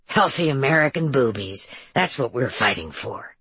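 A woman reading an audiobook, voicing a crass male radio DJ with a hoarse, raspy bass and a slow, booming drawl. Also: expressive, fairly bright tone, no room sound, full character voice. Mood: crass boasting. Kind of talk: audiobook character voice.

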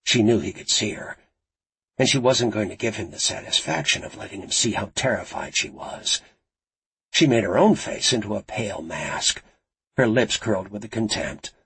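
Gravelly, raspy male thriller narrator. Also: mid-range voice, fairly bright tone, low-quality recording. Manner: dramatic, suspenseful. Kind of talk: scripted audiobook narration.

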